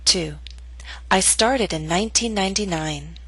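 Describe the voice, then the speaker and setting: A woman teaching English pronunciation, reading scripted instructions and slow model sentences for learners to repeat. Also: mid-range voice, bright, forceful tone, slightly rough, no echo, poor audio.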